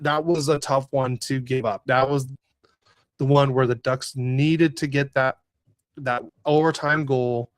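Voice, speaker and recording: A man of ordinary pitch talks through a hockey game on a casual podcast, wandering through fillers and restarts with a rueful edge. His voice sits close and dry against the mic, with no room around it. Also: clean tone, no echo. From Southern California. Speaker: podcast co-host. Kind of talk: casual sports podcast recap.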